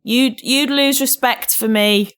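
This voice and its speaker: A woman's voice: a little high, steady tone, a bit bright. A woman comedian guesting on a podcast, playful and joking in casual chat. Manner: playful, quick to joke and laugh.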